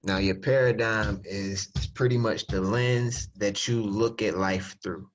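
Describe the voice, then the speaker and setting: A man's voice: lowish voice, steady tone, measured pace. A man giving a conversational motivational talk on a group call, explaining his idea step by step. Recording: muffled lo-fi call audio.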